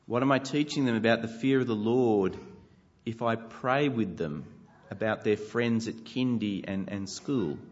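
Earnest preacher, conversational delivery, slightly dull lo-fi sound. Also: male voice, fairly low pitch. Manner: earnest, conversational with light self-deprecating humor. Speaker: pastor. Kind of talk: sermon.

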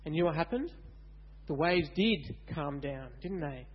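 A man gives a lively children's Bible talk in church and keeps asking the kids questions. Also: a little high, normal speed, breathy edge, highs cut off. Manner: animated, asks kids questions.

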